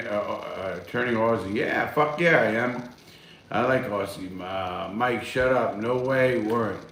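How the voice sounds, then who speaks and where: Puffing a cigar at home, a man with a lowish, slightly bright voice runs a casual live stream in a roomy-sounding space. He reads viewer chat aloud and replies bluntly and ramblingly, swearing heavily.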